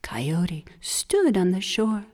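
A woman storyteller telling a folk tale for children, expressive, slipping into breathy whispers. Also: on the low side, takes it slowly. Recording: long hall reverb.

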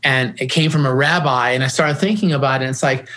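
A man's voice: mid-range voice, fast talker, pushed and bright. A middle-aged man guesting in an interview, speaking earnestly and often restarting and repeating his words. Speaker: grief organization founder, guest. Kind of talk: conversational interview.

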